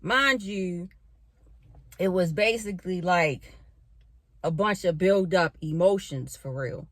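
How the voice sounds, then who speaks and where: Woman, young adult, casual vlog storytelling, slow unhurried delivery, dry room sound. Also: fairly low pitch, no room sound. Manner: animated, filler-heavy, swears casually. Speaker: spiritual vlogger. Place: bedroom. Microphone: camera in a bedroom.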